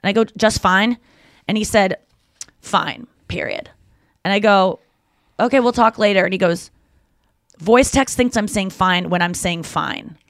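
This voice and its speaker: A woman's voice: medium pitch, moderate pace, dry recording, studio quality. Chatty woman comedian telling stories. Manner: animated storytelling, acting out quotes; frequent fillers and restarts. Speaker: podcast host and comedian. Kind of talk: casual chat.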